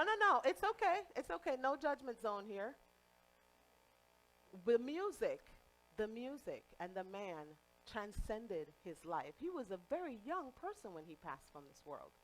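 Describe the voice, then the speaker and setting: A woman's voice: mid-range voice, low-quality recording. A woman in her late thirties from Jamaica with a faint Jamaican accent, giving a conversational spiritual talk to a congregation. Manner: warm, conversational, playful asides. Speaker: guest speaker at a spiritual center.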